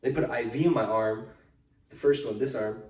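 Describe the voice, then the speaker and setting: A young man hosting a casual podcast chat, telling lively stories that are full of swearing and acted-out voices of other people. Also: mid-range voice, a little fast, distant mic. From United States. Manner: animated storytelling, swears freely, acts out quoted people. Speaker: podcast host. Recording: echoey room, voice off-mic.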